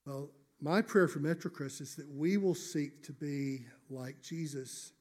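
A man preaching a sermon as pastor, earnest and emphatic, slowing down to stress key phrases and sometimes dropping to a soft near-whisper. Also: a little high.

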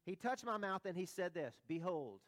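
A man's voice: sits high, brisk, fairly bright tone. A man preaching a sermon in a conversational way, with rhetorical questions and humorous asides. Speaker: pastor.

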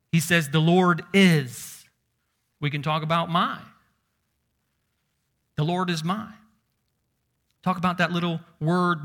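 A man's voice: on the high side, pushed and bright. A man preaching a sermon as pastor, emphatic and stressing single words, reading scripture aloud with rising force.

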